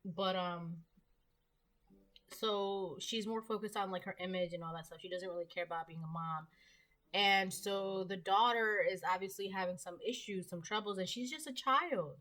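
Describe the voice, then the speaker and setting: A woman's voice: medium pitch, moderate pace, fairly bright tone. A woman giving a casual tarot reading to camera, chatty and rambling with many fillers and asides. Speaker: tarot reader.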